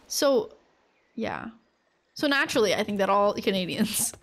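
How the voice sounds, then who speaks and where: A woman's voice: mid-range voice, big pitch swings, slow, gravelly, pauses often. A woman streaming a game live, chatting casually and rambling, with lots of fillers and frequent laughter. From United States.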